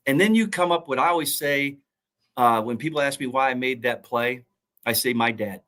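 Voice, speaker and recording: A middle-aged man talking in an interview with the earnest drive of a motivational speaker. His voice sits at an ordinary pitch, and he repeats his key lines to hammer them home. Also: normal speed, a bit bright. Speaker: college football coach and former pro player.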